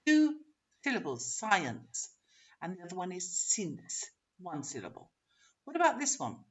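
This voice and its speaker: A woman teacher trainer leading an online webinar, encouraging and modeling pronunciation slowly. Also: fairly low pitch, wildly swooping pitch. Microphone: video call. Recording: dull lo-fi webinar audio.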